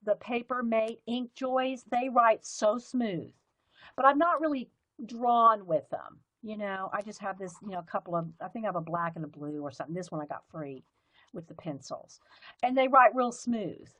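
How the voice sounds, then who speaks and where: A woman's voice: medium pitch, moderate pace, a bit bright, dry recording, low-quality recording. A woman, chatting casually on a live stream while sorting and showing her pens. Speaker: livestream host.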